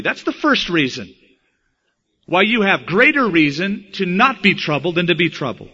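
A male pastor preaches with an animated, rising and falling voice that sounds bright and forceful. He drives his points home emphatically, slowing down and then rushing ahead. The old recording is dull and lo-fi. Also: on the high side, breathy edge. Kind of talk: sermon.

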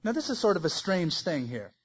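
A man preaching a sermon, swinging between loud emphasis and soft, quiet phrases. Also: high-pitched, very animated, a little fast, slightly rough, highs cut off. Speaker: pastor.

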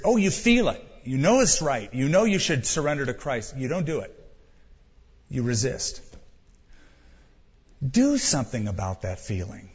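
Emphatic pastor with an echoey church sound. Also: male voice, mid-range voice, breathy edge, lo-fi sound. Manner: emphatic, urging the audience directly. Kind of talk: sermon.

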